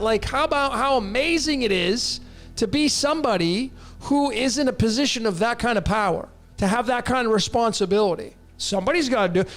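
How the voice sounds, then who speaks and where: Blunt, emphatic man with a high voice. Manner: blunt, emphatic, repeats phrases. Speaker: host answering viewer questions. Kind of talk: casual live-stream talk.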